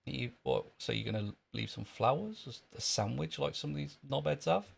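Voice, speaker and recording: A man's voice: medium pitch, expressive, a little fast, gravelly, few pauses, breathy edge. A man chatting dryly and sarcastically on a live stream from an outdoor queue. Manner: dry, sardonic, joking. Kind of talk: casual live-stream chat.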